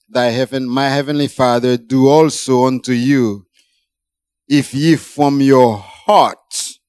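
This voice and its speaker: Slow, clear-voiced male preacher. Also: no echo. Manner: emphatic, rising to exclamations then dropping low. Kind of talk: sermon.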